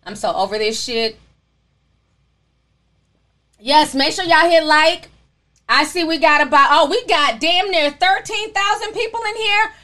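A sassy woman hosts a livestream and chats casually with her viewers, calling them honey and sis. Her voice sits high and sounds bright and sharp. She is still coughing a little. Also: moderate pace. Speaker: livestream host reading super chats.

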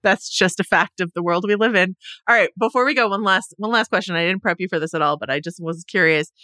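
A woman's voice: on the low side, sharp tone, no room sound, clean studio sound. A woman co-hosting a casual pop-culture chat, chatty and playing out imagined dialogue. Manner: chatty, quick restarts, plays out imagined dialogue. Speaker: podcast co-host.

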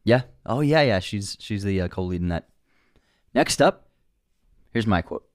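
A man's voice: lowish voice, unhurried, pauses often, no echo, studio quality. A man co-hosting a movie podcast, joking around and reading ads. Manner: lively, joking. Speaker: podcast co-host. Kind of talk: casual chat and ad reads.

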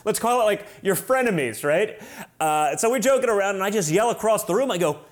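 A man in his forties hosting an interview, chatting casually with quick sarcastic jokes. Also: sits high, lively intonation. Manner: joking, quick, sarcastic asides. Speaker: podcast host.

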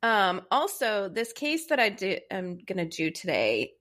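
A woman's voice: mid-range voice, big pitch swings, unhurried, fairly bright tone. A young woman co-hosting a podcast, chatting casually, laughing often and telling stories. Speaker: podcast co-host. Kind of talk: casual chat.

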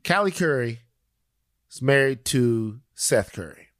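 A man's voice: mid-range voice, expressive, unhurried, no room sound. Rambling, joking man, dry close sound. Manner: rambling, joking, repeats phrases for laughs. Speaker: podcast co-host. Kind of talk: casual chat.

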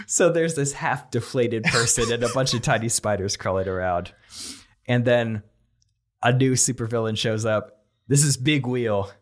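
A young man telling a comedic movie pitch on a podcast, laughing often and acting out the characters' lines. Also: moderate pace. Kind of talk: casual comedic storytelling.

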